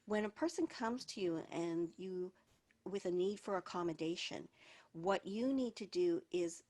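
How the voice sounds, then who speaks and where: A woman's voice: lowish voice, a little slow, a little mellow. A woman hosting a business webinar as an HR consultant, talking in a conversational way with many restarts. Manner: conversational, with frequent restarts and repeated words.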